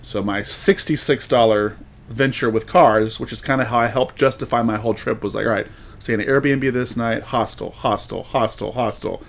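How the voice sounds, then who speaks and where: A man's voice: medium pitch, moderate pace, creaky. A man from the United States hosting a podcast, chatting casually and acting out the people he met. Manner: rambling storyteller, quotes people in voices. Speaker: podcast host. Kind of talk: casual chat.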